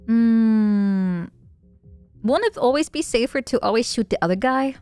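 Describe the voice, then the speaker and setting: A woman streamer chatting casually while playing a game, playful and giggly, thinking out loud. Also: a little high, animated, unhurried, smooth, no room sound, soft background music. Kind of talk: casual gaming chat.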